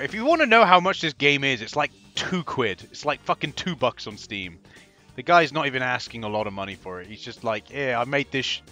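A man giving excitable, foul-mouthed gameplay commentary as host of a gaming video. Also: mid-range voice. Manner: excitable, swears constantly, laughs often.

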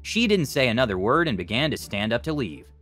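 A man narrating online stories in a scripted, expressive storytelling style. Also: mid-range voice, brisk, faint music behind.

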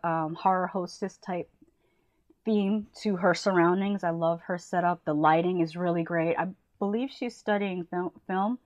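Woman, American, chatty and giggly, low voice, dull dry recording. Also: no room sound. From United States. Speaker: movie review YouTuber. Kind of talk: casual channel shout-outs.

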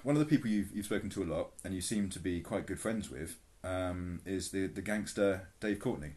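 A man hosting an interview, chatting in a relaxed, rambling way. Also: sits low, fairly quick. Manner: relaxed, rambling, with many fillers. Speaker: interviewer, podcast host. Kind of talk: conversational interview.

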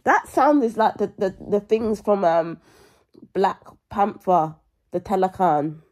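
A woman's voice: mid-range voice, expressive, takes it slowly, darkish tone, roomy sound. A woman, chatting casually and teasing playfully in a vlog. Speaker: vlogger.

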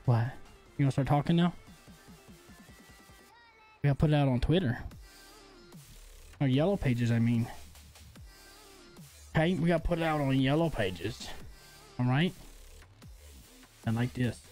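A man's voice: medium pitch, measured pace, pauses often, dark tone. A young man livestreaming a game, chatting playfully with his audience and his baby son, with faint music behind him. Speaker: livestreamer and father. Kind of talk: casual gaming livestream chat.

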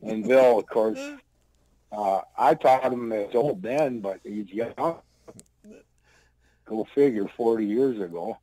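A man's voice: on the low side, takes it slowly, pauses often, warm tone, no room sound, poor audio. A man in his sixties, a former wrestler, telling loose, rambling anecdotes in blunt, salty words. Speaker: guest, former pro wrestler. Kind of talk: casual storytelling.

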